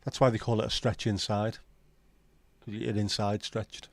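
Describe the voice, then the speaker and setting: A man's voice: fairly low pitch, flat delivery, moderate pace, gravelly, a little mellow, no room sound. A middle-aged man hosting a livestream, rambling through jokey pub-style banter while reading out chat. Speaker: livestream host. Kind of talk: casual chat reading viewer comments.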